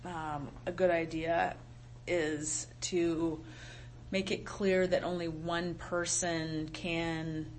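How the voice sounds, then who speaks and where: A woman from county staff explains a rule at a public meeting. She speaks slowly in a lowish voice, pausing with ums. Faint noise sits behind her. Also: level tone, low-quality recording. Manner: measured, with many ums. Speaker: county animal services staff.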